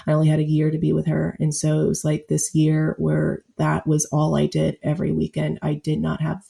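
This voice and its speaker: A woman of about thirty speaks as a podcast guest, her voice low, flat in pitch and gravelly. The tone is dark and mellow. She tells her story in a heartfelt, reflective way. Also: a little fast. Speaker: guest poet. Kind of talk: podcast interview.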